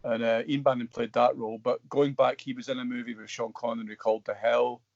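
Animated Scottish man telling stories. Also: medium pitch, a little fast, creaky, no room sound, muffled recording. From Scotland. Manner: animated, rambling with many restarts. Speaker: guest actor. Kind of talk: casual storytelling interview.

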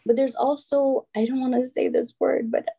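Animated woman from Albania, mellow voice. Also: sits high, moderate pace, gravelly, breathy edge. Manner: animated, frank storyteller. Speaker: guest. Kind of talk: casual conversation.

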